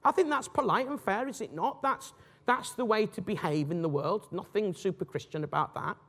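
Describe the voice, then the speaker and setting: A man's voice: high voice, moderate pace, big-room sound. A man teaching a lesson on apologetics, talking in a loose, conversational way and often correcting himself mid-sentence. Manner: conversational, animated, self-correcting. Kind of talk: recorded lecture.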